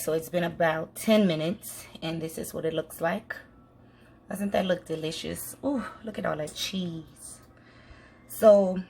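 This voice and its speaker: A woman's voice: lowish voice, a little hiss or hum. A woman chatting through a cooking demonstration in her home kitchen, folksy and addressing viewers directly. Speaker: cooking vlogger.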